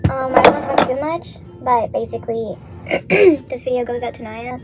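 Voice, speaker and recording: A woman's voice: fairly high pitch, fairly even intonation, moderate pace, loud music behind the voice. A young woman vlogger casually retelling a story from memory while getting ready, rambling, swearing a lot and saying "like" constantly.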